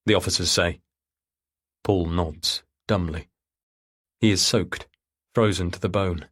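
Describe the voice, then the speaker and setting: A man narrating a mystery thriller audiobook in third person with a measured, grave delivery. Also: low-pitched, a bit bright, breathy edge.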